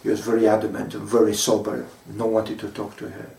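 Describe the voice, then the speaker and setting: A man preaching a sermon as pastor, telling stories in a measured way with frequent pauses and fillers. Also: on the low side, completely flat delivery, gravelly, warm tone, echoey room, distant mic.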